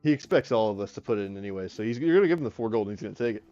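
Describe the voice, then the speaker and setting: A man narrating a tabletop role-playing game as game master, in a relaxed way. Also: on the low side, racing, dull audio, faint music behind.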